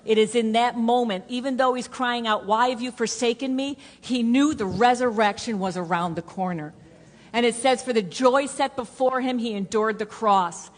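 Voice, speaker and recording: Woman pastor, sermon delivery, earnest repeating cadence with hushed drops, lingering hall echo. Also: a little high, normal speed. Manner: earnest, repetitive preaching cadence that drops to a hush for emphasis. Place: church sanctuary. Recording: long hall reverb.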